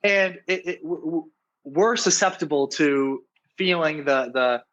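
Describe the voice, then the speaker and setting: A man with a slightly high voice talks as a dating coach in a relaxed interview. He is earnest and often restarts his sentences. He keeps checking in with his listener by asking "right?". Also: a little slow, muffled recording. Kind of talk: casual interview talk.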